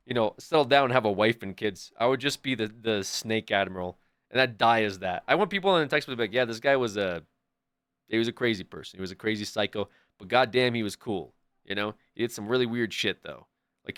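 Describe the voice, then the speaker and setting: A young man streaming, chatting casually in a rambling, excitable and profane way. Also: fairly low pitch, no echo, studio quality. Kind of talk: casual chat.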